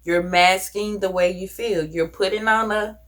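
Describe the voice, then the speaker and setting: A woman's voice: mid-range voice, fairly even intonation, unhurried. Give me a woman talking earnestly to camera, sharing advice in a casual, conversational way. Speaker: vlogger. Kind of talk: reflective personal talk to camera.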